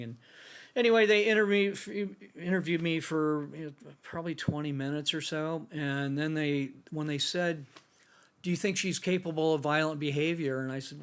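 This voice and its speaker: Halting man recounting a painful loss. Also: on the high side, steady tone, clear, resonant tone. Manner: halting, restarts often, quietly pained retelling. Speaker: bereaved father and guest. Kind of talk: personal account in a podcast.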